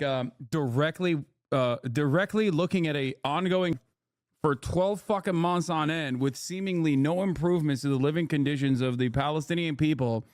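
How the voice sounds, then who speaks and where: Streamer guy ranting sarcastically to chat, kinda high voice, swears a lot. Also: no echo, studio quality. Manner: sarcastic, blunt, swears freely, talks back to chat. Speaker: live streamer. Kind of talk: casual political commentary.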